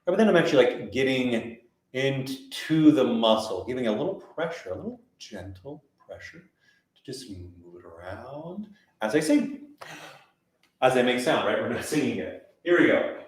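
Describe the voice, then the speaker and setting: A man leads an online voice lesson, talking students through exercises in a relaxed, chatty way. He sounds a fair way off the microphone. A heavy room echo surrounds every word. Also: medium pitch, moderate pace, distant mic. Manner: relaxed, chatty coaching with vocal demonstrations. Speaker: voice teacher. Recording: very echoey room, voice heard from afar.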